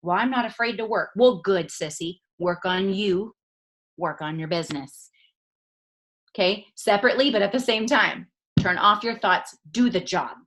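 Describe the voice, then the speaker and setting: A woman giving an emphatic motivational talk on a video call, swinging from loud to hushed. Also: medium pitch, a little slow. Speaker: network marketing leader speaking on a call.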